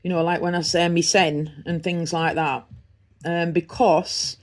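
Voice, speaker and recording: A woman's voice: fairly low pitch, little pitch movement, measured pace. A middle-aged woman from the North East with a Teesside accent, chatting casually and rambling through an unboxing vlog. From Redcar, North East England. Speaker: vlogger.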